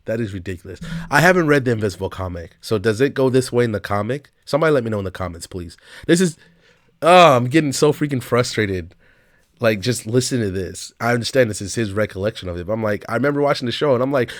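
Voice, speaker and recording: A man's voice: medium pitch, expressive, fast, no room sound, studio quality. A man hosting a reaction video, talking back to the clip he watches in a casual, exasperated way and swearing often.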